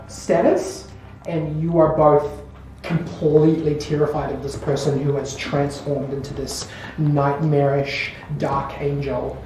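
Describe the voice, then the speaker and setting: A woman's voice: deep voice, mellow. Woman game master in an echoey room. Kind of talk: narrating a tabletop game. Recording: distant echoey room, faint noise.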